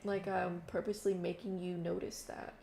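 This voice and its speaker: A woman's voice: on the low side, flat delivery, normal speed, creaky. A young woman telling a story in casual chat, lots of fillers and quoted voices, recorded in an echoey room. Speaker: vlogger. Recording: echoey room with faint noise.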